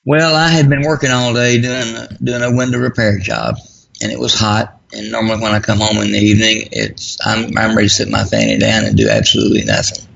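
A man telling a personal story in a folksy, self-deprecating way, with a gravelly voice. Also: fairly low pitch, a little fast, fairly bright tone, dull audio, a little hiss or hum. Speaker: guest.

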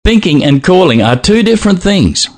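A man hosting a podcast in casual chat, animated and often laughing as he reads messages aloud. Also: high voice, moderate pace. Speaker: podcast host.

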